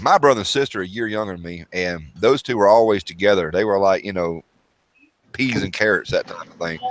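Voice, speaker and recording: A man telling family stories in a casual chat, laughing often and acting out old quotes. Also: lowish voice. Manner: animated, laughing often, acts out childhood quotes. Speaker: storyteller. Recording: faint background noise.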